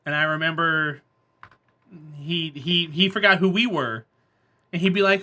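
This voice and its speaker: Bright-voiced man telling rambling stories. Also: fairly high pitch, unhurried. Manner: rambling storyteller, laughs often. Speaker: game streamer. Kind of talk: casual chat with viewers while gaming.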